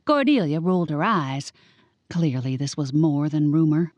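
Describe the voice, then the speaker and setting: A woman narrating a cozy audiobook in the first person, giving each character a lively voice. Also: deep voice, moderate pace, dry recording, dull audio.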